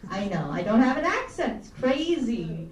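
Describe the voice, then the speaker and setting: A woman's voice: on the high side, sing-song, normal speed. A young woman from Tennessee doing a rambling, self-deprecating stand-up set for a small live audience, swearing often. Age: young adult. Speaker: stand-up comedian. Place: small campus comedy room, live audience. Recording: roomy, mic picked up from a distance with faint ambience.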